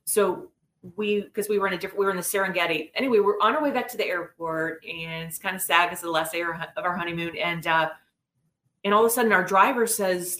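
A woman's voice: lowish voice, fairly quick. Earnest woman telling a story, roomy sound. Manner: earnest, animated storyteller acting out quotes. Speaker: interview guest. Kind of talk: casual interview storytelling. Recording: roomy echo.

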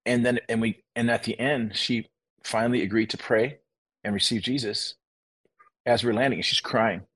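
A man telling a story in casual conversation, animated, acting out the people he quotes. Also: mid-range voice, moderate pace, husky. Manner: animated, acts out quoted voices. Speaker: guest minister.

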